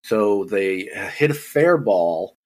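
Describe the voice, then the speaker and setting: A man chatting casually, telling a story in a relaxed, halting way. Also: lowish voice. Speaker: comedian. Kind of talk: casual chat.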